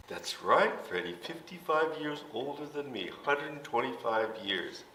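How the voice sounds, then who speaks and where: Unhurried seventy-year-old minister. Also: male voice, mid-range voice, big pitch swings, a little hiss or hum. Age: 70s. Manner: gentle, patient, explaining slowly. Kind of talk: light comedic skit. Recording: roomy hall, mic at a distance.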